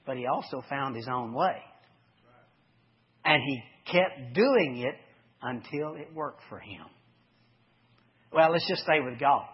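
A man preaching a folksy sermon, swinging from loud to hushed as he tells sports stories. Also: fairly high pitch, slightly rough. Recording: dull lo-fi recording.

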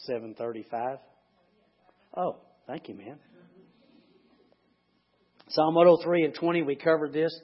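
A pastor preaching a conversational sermon in his church, swinging from loud emphatic lines to hushed, quiet prayerful ones. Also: a little high, measured pace, long pauses. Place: church sanctuary. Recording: dull lo-fi sound.

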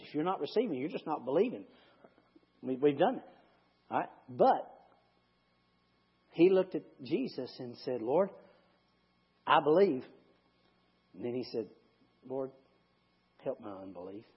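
A pastor preaching a conversational sermon in his church, swinging from loud emphatic lines to hushed, quiet prayerful ones. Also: fairly high pitch, breathy edge. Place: church sanctuary. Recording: dull lo-fi sound.

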